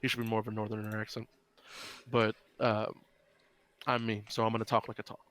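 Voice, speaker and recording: A man's voice: lowish voice, completely flat delivery, brisk, fairly bright tone, dry recording. A man with a Southern accent narrating as game master, rambling with many fillers. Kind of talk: narrating a tabletop role-play game.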